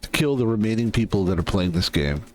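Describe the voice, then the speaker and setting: A man's voice: on the low side, expressive, quick pace. A man streaming a game, rambling casually with jokes and laughs while he plays. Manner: rambling, laughing, joking asides. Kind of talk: casual gameplay commentary.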